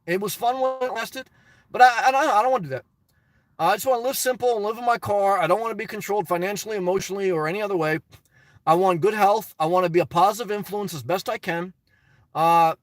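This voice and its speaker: A man's voice: high voice, fairly bright tone, dry recording. A man casually reading viewer comments and answering them bluntly, rambling with restarts. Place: lives in his car.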